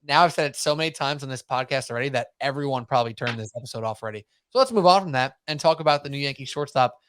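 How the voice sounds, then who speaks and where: A man hosting a sports podcast in casual chat, talking in animated, rambling runs and mocking himself. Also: mid-range voice, very fast, slight background noise. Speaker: podcast host.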